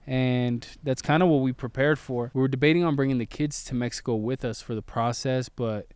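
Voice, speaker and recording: A man in his thirties, a father and vlogger, calmly explaining how he and his wife made a family decision, in an earnest, laid-back way. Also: medium pitch, a little fast, smooth, no echo. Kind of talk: casual storytelling.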